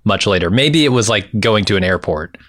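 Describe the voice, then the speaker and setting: A man co-hosting a podcast, talking in a measured, thoughtful way. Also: on the low side, animated, fairly bright tone, no room sound, clean studio sound. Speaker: podcast co-host. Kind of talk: casual podcast chat.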